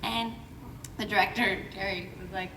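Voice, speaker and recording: A woman's voice at a middle pitch talks on a convention panel in a rambling, chatty way. She is heard from a distance through the ring of a large hall. A clear layer of room noise sits under her words. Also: steady tone, moderate pace. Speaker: voice actor panelist. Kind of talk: panel anecdote. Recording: roomy hall from far off with noise.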